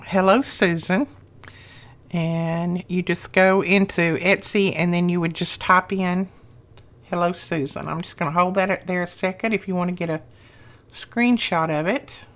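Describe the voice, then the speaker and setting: Middle-aged woman, craft vlog host, unhurried delivery, effusive, gushing over every item. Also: fairly low pitch, a bit bright. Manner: slow, lingering delivery. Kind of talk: unboxing happy mail.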